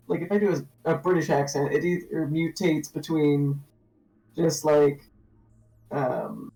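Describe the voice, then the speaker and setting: A man joining a game stream as a guest, talking casually in a hesitant, halting way with many fillers. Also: fairly high pitch, gravelly, darkish tone, low-quality recording. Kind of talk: casual chat.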